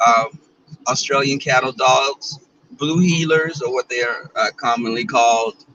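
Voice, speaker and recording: A man's voice: medium pitch, unhurried, pushed and bright, distant mic, muffled recording, a little hiss or hum. Chatty man in a car. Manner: chatty, bawdy and playful, talks to viewers and reads out their comments. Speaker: vlogger. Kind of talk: casual chat to viewers while driving.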